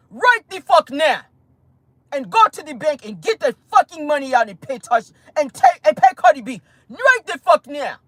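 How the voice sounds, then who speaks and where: A woman's voice: on the high side, a bit bright, no room sound, poor audio. Sassy, laughing woman gossip host. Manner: sassy, profane, laughing often, acts out quotes. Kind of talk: casual commentary to viewers.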